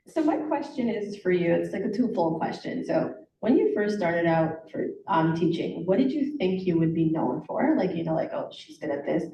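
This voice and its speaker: Mellow woman moderator, far and dull. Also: mid-range voice. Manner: relaxed questioning, casual fillers. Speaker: panel moderator. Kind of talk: moderating a panel discussion. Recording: echoey dull room sound from far off.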